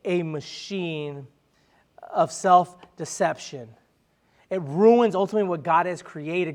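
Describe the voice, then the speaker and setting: Casual, lively young preacher man. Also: fairly high pitch. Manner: conversational, acts out quotes, laughs at own jokes. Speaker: young adult ministry speaker. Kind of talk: casual sermon.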